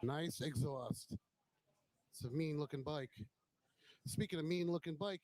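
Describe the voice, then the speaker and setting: A man's voice: a little high, measured pace, a little mellow, no echo, low-quality recording. A man hosting a casual walkaround of a bike show, chatting admiringly and joking, recorded on a handheld camera as he walks. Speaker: host.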